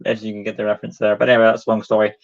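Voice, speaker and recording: A man's voice: lowish voice, monotone, racing. A young man chatting casually as a co-host ranking books, rambling and hesitant with many fillers. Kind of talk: casual livestream chat. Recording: dull lo-fi audio.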